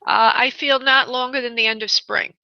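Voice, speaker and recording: A woman from New York with a New York accent, hosting a live call-in radio show as a psychic medium, chatty and pausing to consult spirit. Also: on the high side, steady tone, creaky, dry recording, muffled recording. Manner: chatty, pauses to consult spirit, laughs easily.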